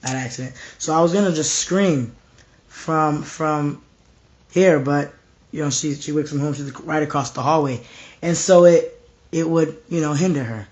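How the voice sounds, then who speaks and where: A young man preaching informally at home, slightly hoarse, intense and repetitive, dropping to hushed tones when he quotes himself or God. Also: on the high side, normal speed. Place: home room.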